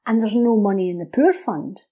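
A woman, explaining history in a casual podcast chat as a lively storyteller who acts out the voices she quotes. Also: mid-range voice, a little fast.

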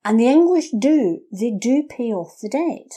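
A woman, explaining history in a casual podcast chat as a lively storyteller who acts out the voices she quotes. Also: a little high, measured pace.

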